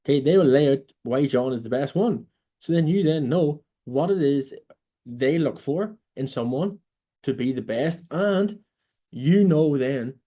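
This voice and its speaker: A young Irish man talks straight to camera with a mellow, dark voice. He coaches bluntly, swears freely and keeps checking in with "right?" as he goes. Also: mid-range voice. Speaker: online business coach. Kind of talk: casual coaching monologue. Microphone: phone or camera mic in a room.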